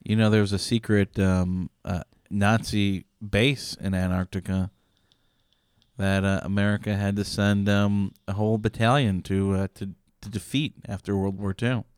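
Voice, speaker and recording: A man co-hosting a podcast in casual chat, making absurd jokes in a deadpan way. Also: on the low side, normal speed, clean tone, dry recording, clean studio sound. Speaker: podcast co-host.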